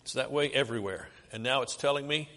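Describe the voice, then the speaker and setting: American preacher in a reverberant hall. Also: male voice, medium pitch, quick pace, fairly bright tone. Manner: conversational, asks the audience questions. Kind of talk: sermon with slide tour.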